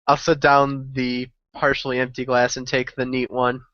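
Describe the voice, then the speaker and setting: A man's voice: medium pitch, completely flat delivery, moderate pace, pushed and bright, dry recording. A man playing in a tabletop game, easygoing and drawling, on a dry muffled recording. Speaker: player.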